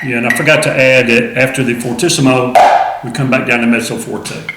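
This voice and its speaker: A man's voice: mid-range voice, flat delivery, quick pace, very noisy. A man teaching a snare drum piece, counting aloud and explaining in a plain, casual way. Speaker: music teacher. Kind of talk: instructional demonstration. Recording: echoey room with loud drumming. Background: snare drum playing.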